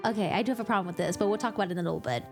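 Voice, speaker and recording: A young woman in a casual book recap, chatty, animated and jokey. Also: mid-range voice. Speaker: book vlogger.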